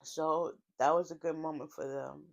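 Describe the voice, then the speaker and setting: A woman's voice: deep voice, steady tone, moderate pace, gravelly. A woman casually recapping a TV drama episode in a chatty, heartfelt storytelling way, with frequent fillers and asides. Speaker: TV show recapper.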